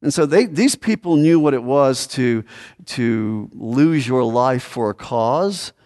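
A man's voice: medium pitch, animated, slow pace, a little mellow. A man preaching a sermon as a pastor, earnest and repetitive, rising to sudden emphatic peaks. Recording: long hall reverb.

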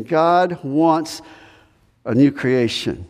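A man preaching a sermon as pastor, earnest and full of rhetorical questions, his voice rising high when he plays a reluctant believer. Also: unhurried, a little mellow. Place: church sanctuary. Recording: long hall reverb.

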